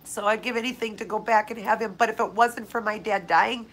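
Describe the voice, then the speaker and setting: A woman hosts a live viewer Q&A, chatting casually while tearful and crying, heartfelt and emotional as she addresses viewers by name. Her mid-range voice is steady and brisk, on a low-quality recording with a little hiss or hum.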